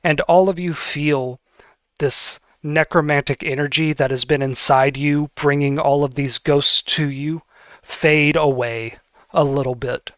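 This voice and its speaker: Relaxed man running a tabletop game. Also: on the high side, unhurried, no echo, clean studio sound. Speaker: game master.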